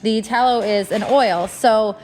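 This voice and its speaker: A woman with a slightly high voice talks through a home kitchen job in an easygoing tutorial. She explains each step plainly, pausing now and then with fillers. Faint noise sits behind her. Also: a little mellow. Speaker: homestead cooking instructor.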